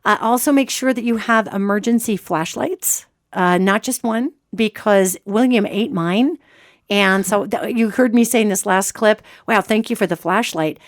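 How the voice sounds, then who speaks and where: A woman hosting a podcast, giving lively, chatty advice in a casual instructive way. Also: mid-range voice, unhurried, no echo, clean studio sound. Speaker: podcast host.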